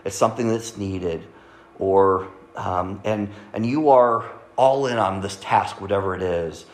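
A man's voice: lowish voice, unhurried. A man pastor preaching a sermon in a conversational way, often checking in with the congregation. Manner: conversational, frequent "right?" asides to congregation. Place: church sanctuary. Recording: echoey church room.

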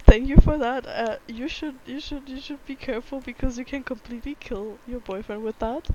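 A woman on a casual podcast over a remote call, her voice sitting fairly high. She talks excitably with giggles, often trailing off. Clear background noise runs under the call audio. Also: fairly quick, muffled recording. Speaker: podcast co-host. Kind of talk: casual chat.

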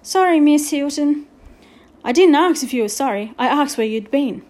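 A woman's voice: sits high, animated, normal speed, a little mellow, voice pushed up. A woman reading aloud and voicing a strict, fed-up female teacher in a storybook. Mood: scolding. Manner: scolding, indignant.

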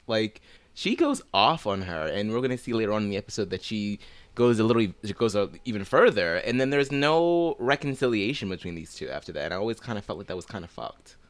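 A man thinking out loud on a podcast, his voice rising and falling a lot as he stumbles through restarts. The sound is dry and close, with no room around it. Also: lowish voice, dry recording. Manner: musing and hesitant, with many restarts. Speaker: podcast co-host. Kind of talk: casual podcast chat.

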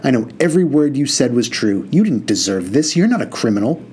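A man's voice: medium pitch, very animated, fairly quick, a little mellow, slight background noise, lightly acted. A man voicing a tearful, fierce mother. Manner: pleading, tearful. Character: grieving angry middle-aged mother.

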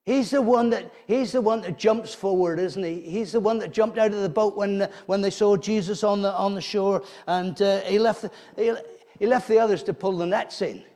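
High-voiced man preaching a sermon. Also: normal speed, mellow. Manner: conversational, rhetorical questions, frequent restarts.

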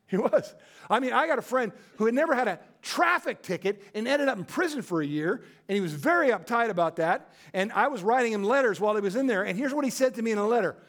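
A male pastor preaching a sermon in a storytelling way, acting out quoted voices and dropping to a quiet, low voice for emphasis. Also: expressive, quick pace.

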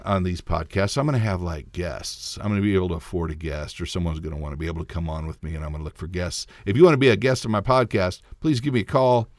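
A man's voice: lowish voice, dry recording. A man hosting his own solo podcast, telling a story casually in a rambling, self-interrupting way with frequent laughs. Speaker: podcast host.

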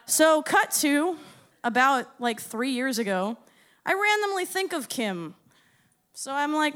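A young woman with a high voice tells a story live on stage in a bar. She talks casually and loosely, swearing and laughing as she goes. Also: a little slow. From Florida. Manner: lively, swearing, laughing, rambling. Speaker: musician telling a story on stage.

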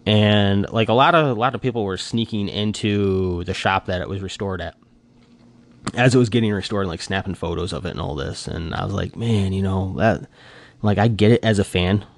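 Deep-voiced rambling man chatting. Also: normal speed. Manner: rambling, filler-heavy with many restarts; animated fan gushing, voice jumps up when excited. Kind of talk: casual chat.

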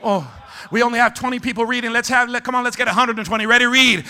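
In a church sanctuary, a male pastor delivers call-and-response preaching, urging the congregation to shout back and slipping Spanish words into his talk. He swings between loud shouting and hushed, low passages, speaking fast with few pauses, fairly even intonation and a clean tone.

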